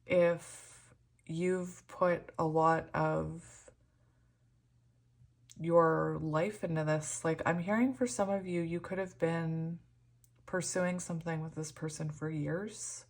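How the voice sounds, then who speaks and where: A woman giving a pick-a-card tarot reading, emotional and hesitant, shaky and close to tears, with many pauses and ums. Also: deep voice, fairly even intonation. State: shaky and tearful. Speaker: tarot reader.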